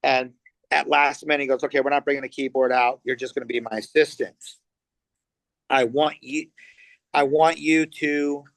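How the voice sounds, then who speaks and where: Speaking at a moderate pace in a gravelly, mid-range voice, this middle-aged musician from Los Angeles is a guest in a laid-back interview. He's a lively storyteller who performs the quotes and curses without holding back, and there's no echo.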